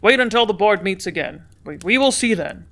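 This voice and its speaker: A lounging, calculating male stockholder, voiced by a woman reading aloud. He speaks in a moderate, measured way. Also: medium pitch, animated, vocal fry, a bit bright.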